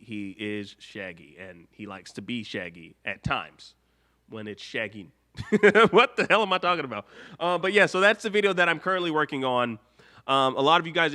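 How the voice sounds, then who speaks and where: A man's voice: medium pitch, sharp tone. A man hosting a casual live stream, chatty and rambling, full of fillers. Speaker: YouTube host.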